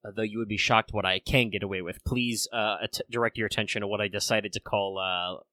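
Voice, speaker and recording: A man's voice: lowish voice, steady tone, brisk, sharp tone, no room sound. A man hosting a casual podcast chat, rambling with lots of fillers, a bit under the weather. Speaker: podcast host.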